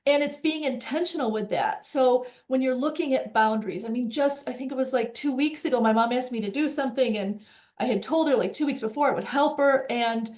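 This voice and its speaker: A woman's voice: high-pitched, a little fast, darkish tone. A woman speaking as a panel guest, earnest and reflective, repeating phrases for emphasis.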